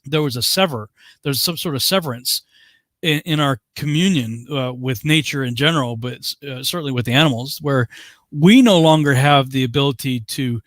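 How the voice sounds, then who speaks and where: A man's voice: mid-range voice, moderate pace, fairly bright tone. A middle-aged man hosting an online Bible study, telling stories animatedly and laughing often over a video call. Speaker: host.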